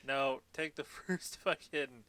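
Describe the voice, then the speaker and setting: A man's voice: mid-range voice, takes it slowly, sharp tone, clean tone, no echo. A man co-hosting a casual podcast, recapping a film with sardonic, swear-laden remarks and mumbled asides. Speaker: podcast co-host. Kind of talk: casual movie recap banter.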